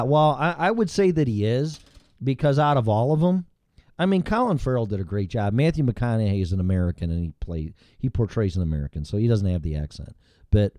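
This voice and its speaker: A man's voice: mid-range voice, warm tone, no room sound. Blunt, rambling male talk host. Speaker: morning show host. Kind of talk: casual chat.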